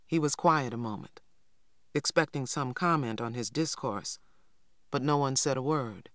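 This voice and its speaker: An audiobook narrator reading a first-person novel in a measured, even storytelling manner. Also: mid-range voice, no room sound, studio quality.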